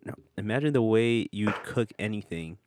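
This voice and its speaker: A man co-hosting a casual comedy podcast, swearing freely, joking and laughing a lot, sometimes jumping into high mocking quotes. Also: expressive, normal speed, darkish tone, a little hiss or hum. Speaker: podcast co-host.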